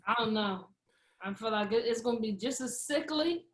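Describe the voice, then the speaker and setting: Young female musician guest, blunt, playful talk, fairly high voice. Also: expressive, normal speed. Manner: blunt, playful, laughs often. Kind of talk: casual chat.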